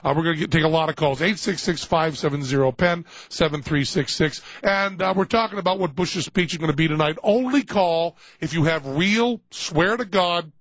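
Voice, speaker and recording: Husky-voiced male radio host, animated. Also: on the high side, moderate pace, few pauses, no echo. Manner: animated, telling gags and acting out voices. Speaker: radio talk show host. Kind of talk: casual radio banter. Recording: dull lo-fi radio broadcast.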